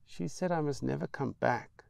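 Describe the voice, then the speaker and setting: A man's voice: mid-range voice, moderate pace, vocal fry, a little mellow, no room sound, pitched above the performer's own voice. A man doing Little Mikey, a tiny sad boy. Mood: small, sad. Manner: tiny, near-whispered voice. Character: small frightened young boy, quiet and sad.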